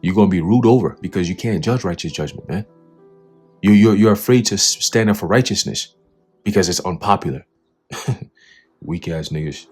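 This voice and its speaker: Low husky man ranting, preachy. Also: fairly quick, a little mellow, faint music behind. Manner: profane, scornful, preachy, laughs at his own jabs. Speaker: religious commentator. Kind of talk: fiery spoken commentary reading from an article.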